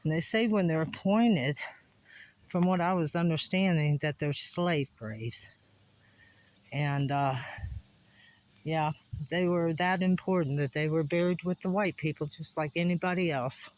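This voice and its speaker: A man who vlogs his visits to old sites chats folksily on camera as he hikes up a wooded slope, breathless and laughing between gasps. His fairly high voice is a little slow with frequent pauses, and the low-quality recording has slight background noise along with insects and crickets.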